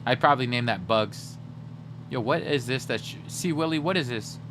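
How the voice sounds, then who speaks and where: A young man hosting a livestream, chatting casually and teasing his viewers in a joking, animated way. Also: medium pitch, normal speed, noisy background. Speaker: livestream host.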